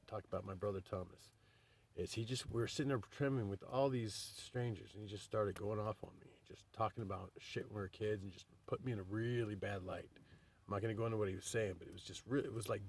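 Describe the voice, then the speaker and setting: A man's voice: lowish voice, quick pace. A man telling rambling, profanity-laced stories in a casual vlog, calling his listeners babe. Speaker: vlogger. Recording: distant mic with faint background noise.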